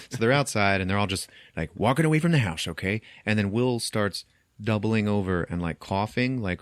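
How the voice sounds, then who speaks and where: A man's voice: on the low side, animated, moderate pace, no echo, studio quality. A man hosting a podcast, casually retelling a movie's plot, acting out the characters' lines and laughing often. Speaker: podcast host. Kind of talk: casual film recap.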